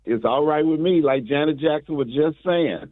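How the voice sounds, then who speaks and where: A man calling in to a morning radio show, rambling and preachy, humming as he talks. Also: a little high. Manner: rambling, preachy, drawn-out hums. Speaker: caller, comedian filling in. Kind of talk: comic phone bit. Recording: dry tinny phone line.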